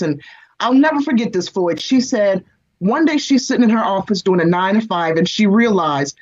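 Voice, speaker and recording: A woman in her forties, an interview guest, telling a personal story in an expressive, animated way and speaking straight to the host. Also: medium pitch. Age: 40s. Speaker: guest, entertainment reporter and screenwriter. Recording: slightly dull lo-fi sound.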